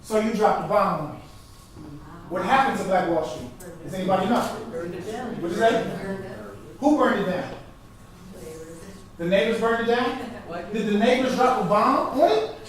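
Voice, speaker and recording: A man's voice: sits high, normal speed, pauses often, a crowd in the background. A man giving an artist talk as a performance poet, teaching in an interactive call-and-response style and prompting his audience to finish his phrases. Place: lecture hall with a live audience. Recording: echoey hall recording from far off.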